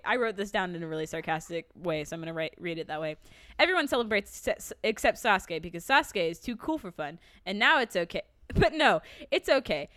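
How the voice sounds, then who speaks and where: A woman in casual podcast chat, recapping an anime with animated retelling and acted-out lines, sarcastic and swearing. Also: mid-range voice, smooth, no echo, clean studio sound.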